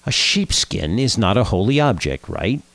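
Man hosting a radio show, lively storytelling, low voice, dry. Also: moderate pace, no echo. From Southern California.

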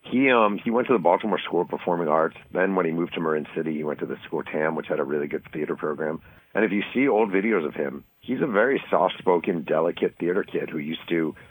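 A man from New York, an author talking as a guest in an interview, telling a story quickly and acting out the voices of the people in it. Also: sits low, poor audio. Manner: fast, animated storytelling, acting out quoted voices.

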